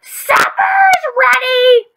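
A woman voicing a small, sharp-tongued female weasel cook with a hoarse voice, in a storybook reading. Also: on the high side, very animated, unhurried, voice pushed up. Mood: shouting. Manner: snappish, shouting.

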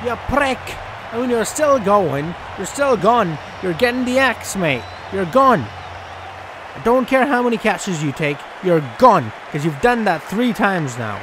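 Swearing and joking with exasperation, this male gaming YouTuber comments on his play in a high, sing-song voice. He keeps a moderate pace with few pauses, while a loud game crowd and ambient noise rumble behind him.

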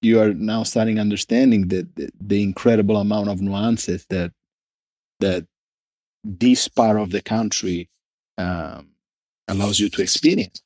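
A low-pitched man speaks in a relaxed, conversational way, often stopping and restarting as he gropes for the right phrase. The room sound is dry and close, with no echo. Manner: halting, searching for words, many restarts. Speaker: guest, brand founder. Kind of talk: casual conversation.

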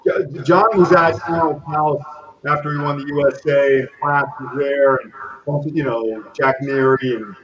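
A man hosting a podcast, chatting excitedly and often cutting in. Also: medium pitch, normal speed, highs cut off, a crowd in the background. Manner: excitable, interrupts. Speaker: podcast host. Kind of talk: casual chat.

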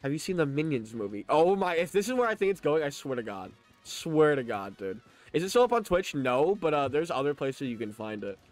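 A young streamer in his late teens, talking in a slightly high, very lively voice. His mouth is held open by freshly adjusted braces, so every word comes out slurred, wet and lisping. He jokes with his chat, laughs often and trips over his own restarts. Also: fairly quick, soft background music. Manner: chatty and joking, laughs often, stammers on restarts. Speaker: live streamer. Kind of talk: casual live-stream chat, reading chat aloud.

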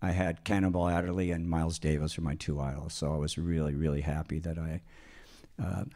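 An older man, a pianist and author, talking casually in an interview, relaxed and rambling, with lots of restarts and "you know.". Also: extremely low pitch, fairly quick.

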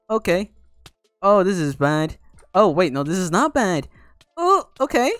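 A young man giving excitable, jokey live commentary over a game, teasing the players he fights. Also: sits high, normal speed, smooth, no echo, soft background music. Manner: excitable, jokey, talks to opponents. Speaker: gaming YouTuber.

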